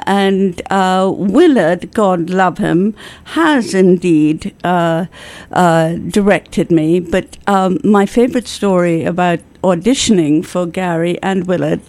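A middle-aged woman tells anecdotes with theatrical flair and self-mocking humor. She speaks at a leisurely, drawn-out pace, and her voice sits close and dry with no room around it. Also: fairly low pitch, darkish tone, no echo. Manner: theatrical, self-deprecating storyteller. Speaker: theater producer and actor, guest. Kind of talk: casual interview chat.

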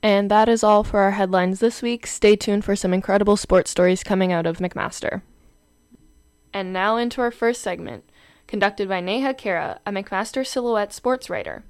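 A woman's voice: medium pitch, moderate pace, dry recording. A young woman, reading scripted sports headlines as host of a campus show. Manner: clear, steady read with the odd filler.

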